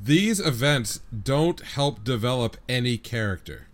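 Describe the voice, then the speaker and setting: A man's voice: mid-range voice, expressive, unhurried. A man co-hosting an anime podcast, casually talking through his reasoning point by point. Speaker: podcast co-host. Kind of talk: casual chat, anime review.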